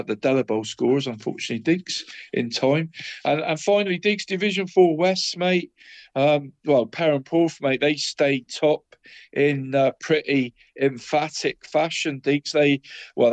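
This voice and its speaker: A man co-hosting a local football podcast, chatting casually with many restarts and "mate" after nearly every phrase. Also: on the high side. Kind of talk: casual chat.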